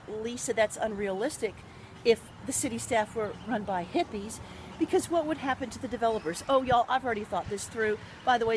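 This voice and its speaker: A woman's voice: on the high side, slight background noise, rough recording. A woman, chatting in a rambling, improvised monologue and laughing often. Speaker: local video host.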